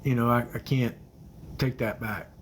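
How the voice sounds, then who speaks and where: Soft-spoken man chatting on a livestream. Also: mid-range voice, fairly even intonation, moderate pace, slight background noise, rough recording. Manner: soft-spoken, hesitant, many fillers, drops to quiet murmurs. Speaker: livestream host answering viewer comments. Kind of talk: casual livestream chat. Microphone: phone livestream.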